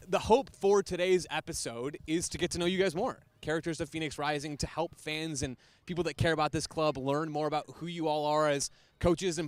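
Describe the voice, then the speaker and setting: A man's voice: a little high, no echo. A man hosting a live club podcast, upbeat and joking as he introduces his guests. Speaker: podcast host.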